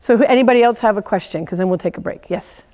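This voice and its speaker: A woman teaching a class of horse owners, animated, laughing often and acting out quoted voices. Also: medium pitch, fast talker, in a large hall. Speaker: horse trainer giving a lecture. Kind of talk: lively teaching talk.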